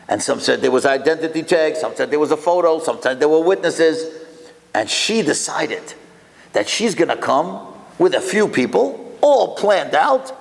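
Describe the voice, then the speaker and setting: A male rabbi with a fairly high voice telling a story to a room of listeners. He keeps the crowd engaged with rhetorical questions and drops Hebrew and Yiddish words into his speech. His voice carries a long hall reverb. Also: sing-song, moderate pace, gravelly. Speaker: rabbi and lecturer.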